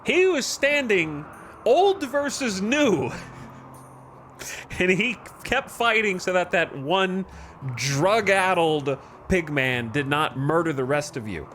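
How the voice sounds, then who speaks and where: A man's voice: high voice, expressive, takes it slowly, fairly bright tone, slight background noise, pitched above the performer's own voice, full character voice. A man voicing a stern male colony leader with a Birmingham accent, delivering a theatrical, scolding eulogy. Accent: Birmingham, England.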